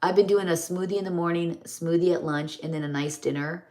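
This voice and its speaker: A woman's voice: on the low side, fairly even intonation, fairly quick, darkish tone. Chatty middle-aged woman, homey. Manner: rambling, homey, chatty storytelling. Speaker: vlogger doing a live stream. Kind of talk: casual chat while doing makeup.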